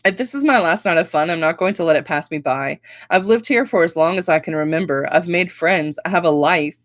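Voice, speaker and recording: A woman reading her own novel aloud with expressive first-person storytelling. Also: lowish voice, brisk, no echo. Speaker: author reading her book.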